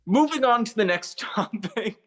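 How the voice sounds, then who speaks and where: A man's voice: sits high, animated, moderate pace. A young man co-hosting a podcast in casual chat, joking and teasing his friend. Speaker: podcast co-host.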